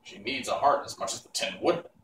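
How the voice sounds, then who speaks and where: A man's voice: on the low side, brisk, fairly bright tone, echoey room, distant mic, slight background noise, close to an everyday voice, poor audio. A man voicing a humble, earnest straw scarecrow.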